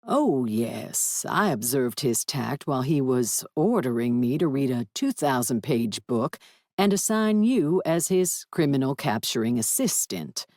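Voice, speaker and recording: A sardonic woman with a Southern US drawl, voiced by a woman reader mutters her remarks flatly. The voice is low, and the read is close and dry. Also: a little slow, dry recording, full character voice.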